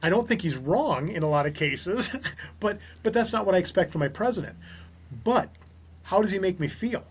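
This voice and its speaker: A man, a small business owner from Minnesota, talking as a podcast guest and telling lively stories with quoted dialogue. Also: high voice, normal speed, slight background noise. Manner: animated storyteller, quotes others in dialogue. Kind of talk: casual podcast conversation.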